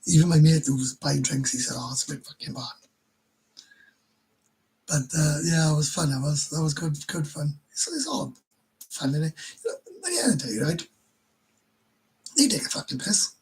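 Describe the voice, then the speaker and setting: A Welsh man chats to his viewers in a deeply husky, breathy voice pitched slightly above the usual male range. He rambles, swears, and laughs his way through crude anecdotes. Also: big pitch swings, normal speed, a little mellow, poor audio. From Wales. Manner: crude, swears constantly, laughs mid-story, stumbles and restarts. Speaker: live stream host. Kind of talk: casual storytelling to viewers.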